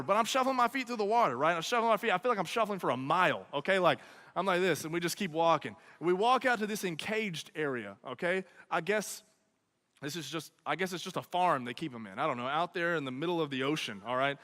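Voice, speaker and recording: A man telling a comic personal story to students, talking in an animated way and tagging his lines with "okay?" and "right?". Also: fairly high pitch, quick pace. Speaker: speaker at a student event. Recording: long hall reverb.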